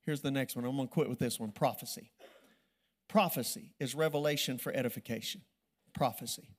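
A man preaching a sermon, telling a church story and building to loud, emphatic preaching. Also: mid-range voice, fairly quick.

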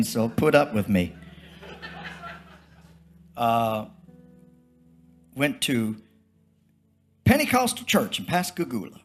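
Folksy older preacher with faint music. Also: male voice, mid-range voice, wildly swooping pitch, takes it slowly, pauses often. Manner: folksy, rambling, repetitive storytelling. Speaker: traveling preacher. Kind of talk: sermon testimony.

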